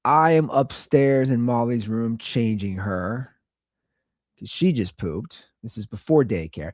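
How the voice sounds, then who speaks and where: A man's voice: medium pitch, very animated, measured pace, darkish tone, no echo, studio quality. A man in his thirties hosting a casual show, telling an exasperated, rambling story about his young daughters. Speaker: podcast host; father of two young girls.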